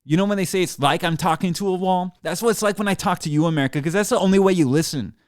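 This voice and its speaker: A man's voice: sits high, quick pace, dry recording. A man, a drummer, ranting to his viewers in a profane, sarcastic streamed monologue from a small studio room. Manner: heated, mocking, swears a lot. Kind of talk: profane sarcastic rant to camera. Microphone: computer mic while seated.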